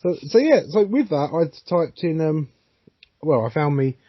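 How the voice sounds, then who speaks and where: A man's voice: fairly high pitch, normal speed, dull audio, a little hiss or hum. A man co-hosting a casual podcast, telling stories with plenty of swearing and frequent laughter. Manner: swears a lot, laughs often, lively storytelling. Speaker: podcast co-host.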